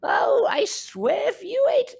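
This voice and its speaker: A man's voice: extremely high pitch, huge pitch swings, slow, creaky, a little mellow, pitched above the performer's own voice, heavily acted. A man doing a fussy, pleading dwarf baker. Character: shy apologetic male dwarf baker.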